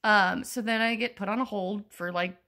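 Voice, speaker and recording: A woman's voice: medium pitch, moderate pace, sharp tone. A young woman telling a rambling, exasperated story in a casual vlog, with sarcastic asides. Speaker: vlogger.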